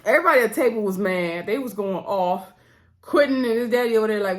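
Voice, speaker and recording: A woman's voice: fairly high pitch, expressive, fairly quick. A woman reviewing a TV episode in a casual chat, calling her viewers y'all and acting out the characters' lines as she retells them, with a bit of a runny nose. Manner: chatty, addresses viewers as y'all. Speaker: TV show reviewer.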